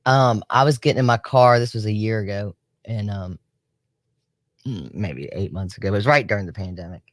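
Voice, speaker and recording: A woman, co-hosting a radio show and telling a story in a chatty, lively way, acting out what people said. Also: a bass voice, moderate pace, no echo. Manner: chatty, animated storyteller who acts out quotes. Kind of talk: casual storytelling on morning radio. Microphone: studio mic.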